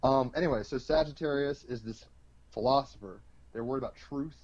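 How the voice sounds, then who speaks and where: A man on as an astrology guest, telling an animated, rambling story, heavy with fillers. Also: medium pitch, fairly quick, no echo, muffled recording. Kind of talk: casual storytelling explanation.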